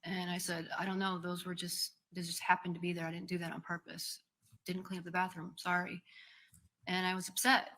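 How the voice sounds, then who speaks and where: A woman in her forties testifying in a courtroom, speaking haltingly with many pauses and ums. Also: fairly low pitch, completely flat delivery, pushed and bright. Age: 40s. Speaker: defendant testifying.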